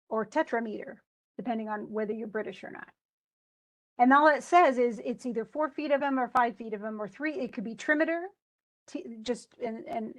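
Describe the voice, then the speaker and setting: A woman teacher giving a casual, chatty lecture, often restarting and correcting herself as she explains. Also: a little high. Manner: chatty, self-correcting, enthusiastic.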